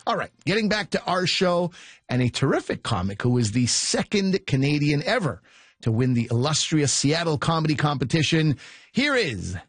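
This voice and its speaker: A man's voice: a little high, expressive, normal speed, fairly bright tone, no echo. A man hosting a comedy show, reading upbeat promotional announcements. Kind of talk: scripted announcements.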